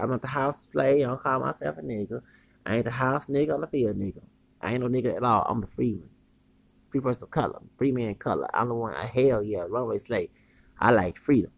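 A man's voice: on the high side, creaky, no echo. A man, hosting a podcast in an unscripted, boastful and combative monologue full of profane slang and restarts. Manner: profane slang and swaggering taunts. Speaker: podcast host.

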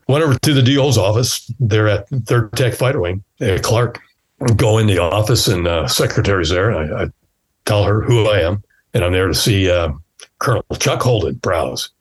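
A man in his sixties tells old flying stories in a loose, conversational way. His voice is low and a bit husky. He jumps into the voices of the people in his tales. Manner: animated storyteller who acts out quoted dialogue. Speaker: guest, former fighter pilot. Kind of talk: casual storytelling interview.

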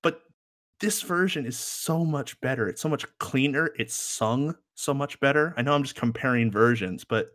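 A man's voice: medium pitch, normal speed, a bit bright. A man co-hosting a casual music podcast, rambling and joking as he reviews songs. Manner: rambling, joking, laughs often. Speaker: podcast co-host.

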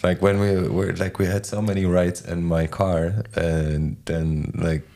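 A man talking as a guest in a casual conversation, with a deep, gravelly voice, rambling in a relaxed way with many "like" fillers. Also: unhurried.

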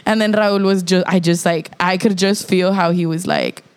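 A woman's voice: fairly low pitch, moderate pace, clean tone. A young woman, telling a story in a casual chat. She swears freely and says "like" a lot. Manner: animated storytelling, profane, heavy use of "like".

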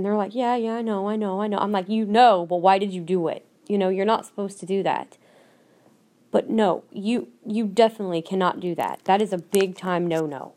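A woman with a mid-range, slightly mellow voice hosts her own podcast from Minnesota. Alone at the mic, she rants bluntly and emphatically, hammering the same points again and again.

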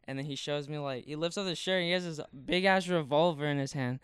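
A man's voice: a little high, fast talker, smooth, no echo. A young man recounting a story in loose, slangy chat that leans heavily on fillers. His voice is very clean and resonant. The sound is close and dry, with no room around it. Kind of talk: casual chat.

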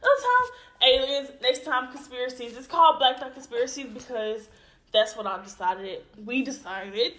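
Drunk woman with a high voice, echoey room. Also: lively intonation, a bit bright. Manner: playful, teasing, quick to laugh. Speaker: podcast co-host. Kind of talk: casual chat.

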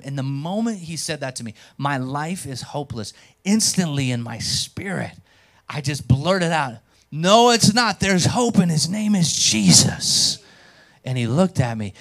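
A young pastor preaches with an expressive, mid-range voice at a normal pace. Recounting a personal story, he acts out the dialogue and moves from quiet remarks to loud bursts.

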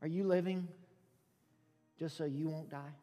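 A man preaching a sermon to a congregation, calling out for amens and exclaiming loudly between points. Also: a little high, steady tone, measured pace. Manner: preaching with loud exclamations and call-outs. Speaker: pastor. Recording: music under reverberant hall.

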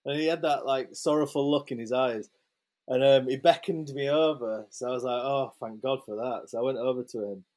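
A young adult man, telling a story in casual conversation as an interview guest, lively and swearing freely, with many fillers and restarts. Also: mid-range voice, fairly quick.

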